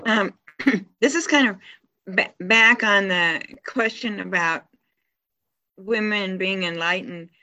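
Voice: medium pitch, slow pace, pauses often, sharp tone. A participant hesitantly asking a question in a group discussion. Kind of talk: casual question in a group call.

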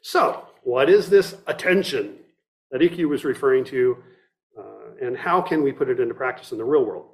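A middle-aged meditation teacher delivers a dharma talk that is reflective and unhurried in tone, with frequent restarts and some reading from a book. His mid-range voice is expressive.

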